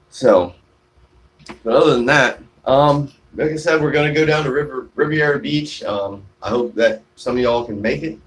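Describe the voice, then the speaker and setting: A man speaks casually on a live stream, recorded on his phone outdoors on a shaded porch. His voice sits a little low, and he rambles, trailing off and restarting as he answers viewer comments. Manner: rambling, many fillers and restarts.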